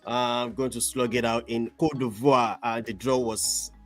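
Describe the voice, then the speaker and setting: Man, talk show host, mid pitch, easy conversational moderating, faint music. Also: fairly even intonation, moderate pace. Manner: conversational, moderating, reading out lists. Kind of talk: sports talk show hosting.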